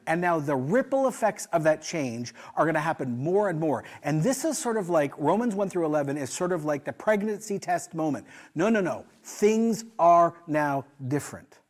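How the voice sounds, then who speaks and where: Pastor preaching with playful storytelling. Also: male voice, on the high side. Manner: storytelling with humor, shifting loud and soft. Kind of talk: sermon.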